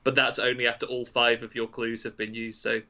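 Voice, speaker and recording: Bright-voiced man hosting a quiz. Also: mid-range voice, flat delivery, brisk. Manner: explains rules at length, laughs often. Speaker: quiz master. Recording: dull lo-fi audio.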